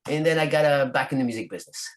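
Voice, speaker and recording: A man's voice: medium pitch, racing. A man, telling stories in an interview and acting out the voices of the people in them. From France. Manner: animated, acts out quoted voices. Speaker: guest, rock singer. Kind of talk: casual storytelling in an interview.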